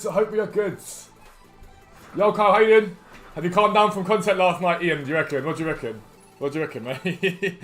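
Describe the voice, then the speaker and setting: Upbeat male game streamer, rapid-fire chatty delivery, a touch higher-pitched than most men. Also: a bit bright. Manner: upbeat, greets chat viewers one by one. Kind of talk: live stream chat over gameplay.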